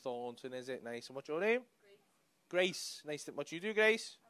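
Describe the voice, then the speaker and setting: A man's voice: a little high, lively intonation, moderate pace, a bit bright, clear, resonant tone, no echo. A young man with a Liverpool accent doing stand-up crowd work on a comedy club stage, teasing audience members with brash, sweary banter into a handheld mic.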